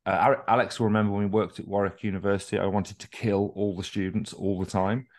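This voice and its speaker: A man's voice: on the low side, level tone, fast, a little mellow. A man co-hosting a podcast, telling long candid stories with swearing, restarts and self-deprecating asides. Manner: candid, rambling, profane storytelling with restarts. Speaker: podcast co-host. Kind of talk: casual podcast chat.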